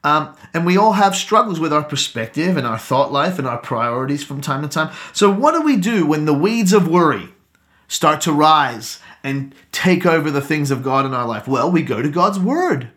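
Man, pastor, sermon delivery, earnest, repeats phrases, slightly high-pitched. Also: sing-song, moderate pace, fairly bright tone.

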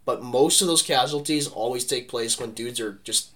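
Speaking at a moderate pace in a mid-range voice, this podcast co-host rambles animatedly through casual history talk, sprinkling in "like" and "right?".

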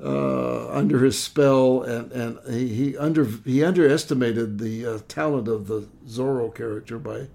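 A knowledgeable man co-hosting a relaxed talk about classic movies, with a mellow, warm tone. He speaks in a measured way, choosing slightly formal words. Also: medium pitch, vocal fry. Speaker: podcast co-host. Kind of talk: casual film review chat.

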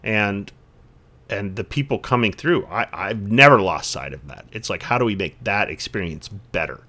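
A man's voice: lowish voice, animated, normal speed, bright, forceful tone. A man hosting a casual podcast conversation, talking in an earnest, reflective way in long, searching sentences. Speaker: podcast host.

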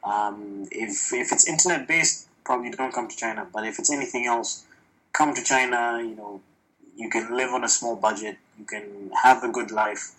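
Casual podcast guest, male, bright edge, blunt and profane. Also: medium pitch, normal speed, poor audio. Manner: candid, profane, animated storytelling. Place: lives in China, recorded remotely or in a room.

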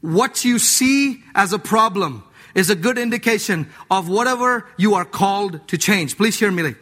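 A man preaching a sermon as a pastor, emphatic, jumping from loud urging to low asides, in a church. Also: animated, normal speed. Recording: long hall reverb.

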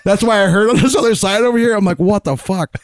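A podcast co-host tells stories in casual, profane chat, laughing often as he goes. His voice is high-pitched and racing, recorded with studio quality and no echo.

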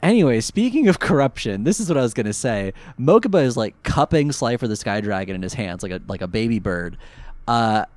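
A man's voice: mid-range voice, big pitch swings, fairly quick, darkish tone, dry recording. A man co-hosting a casual podcast, rambling and stumbling over his words. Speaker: podcast co-host. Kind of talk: casual recap chat.

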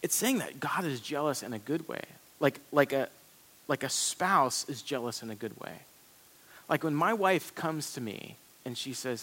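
A man preaching a sermon as pastor, in a conversational, animated way with quick asides. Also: mid-range voice. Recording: long hall reverb.

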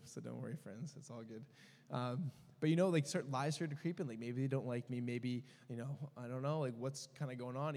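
A man's voice: medium pitch, a little mellow. A young man giving a sermon built on a personal story, speaking candidly with many fillers and restarts. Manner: candid, rambling, full of fillers. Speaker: preacher. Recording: long reverb of a hall.

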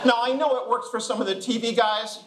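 An older man delivers a relaxed, joking sermon and laughs easily between phrases. His voice sits high. The church around him rings with echo, and a steady hum of noise runs underneath. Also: a little fast. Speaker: guest preacher. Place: church sanctuary. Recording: echoey room with background noise.

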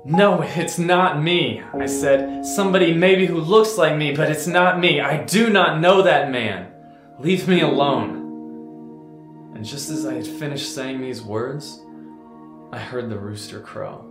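Stammering remorseful fisherman voiced by a man, roomy sound, loud guitar behind. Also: on the low side. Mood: grief-stricken. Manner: halting, stammering, emotional first-person monologue. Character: remorseful fisherman disciple recalling his denial, adult man. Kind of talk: dramatic monologue over guitar.

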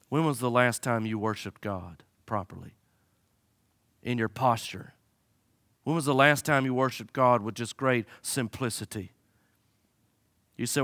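A man preaching a sermon as a pastor, swinging from loud high-pitched fervor to quiet, low pleading and using folksy humor. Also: moderate pace, no echo, studio quality. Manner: folksy humor, acts out his listeners' excuses.

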